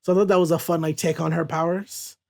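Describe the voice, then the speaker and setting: A man's voice: fairly high pitch, flat delivery, fast talker, vocal fry. A young man hosting a casual comic podcast, rambling and correcting himself as he talks. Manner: rambling, chatty, self-correcting. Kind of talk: casual chat.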